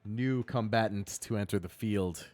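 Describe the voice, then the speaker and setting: A man narrating as dungeon master in a live tabletop game, painting scenes vividly and breaking off for quick rules asides. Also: lowish voice, a little mellow, no echo, faint music behind.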